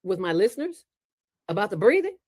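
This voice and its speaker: A woman as an interview guest, talking in a playful, preachy way with sudden jumps in pitch. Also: very animated, fairly quick, a little mellow, no room sound. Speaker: interview guest, nonprofit founder. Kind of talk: casual interview talk.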